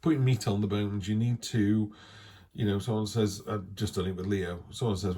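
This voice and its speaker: A man's voice: lowish voice, fairly even intonation, brisk, mellow. A man giving a casual, chatty tarot reading, talking things through with reassuring asides. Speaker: tarot reader.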